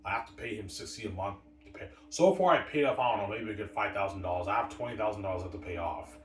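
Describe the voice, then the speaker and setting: A man's voice: on the low side, fast, a little hiss or hum. A man ranting in a rambling, profane, aggrieved solo monologue. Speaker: vlogger. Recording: echoey room, far from mic.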